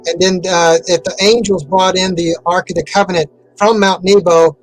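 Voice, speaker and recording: A man's voice: sits high, flat delivery, normal speed, soft background music, low-quality recording. A man giving an interview in a casual, rambling way, with many fillers and restarts. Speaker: interview guest.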